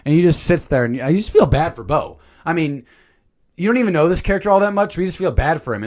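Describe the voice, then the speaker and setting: Rambling, animated male reviewer, a bit high, lively pitch swings. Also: quick pace. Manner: rambling, animated, with fillers and mild swearing. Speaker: channel host. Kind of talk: casual movie review commentary.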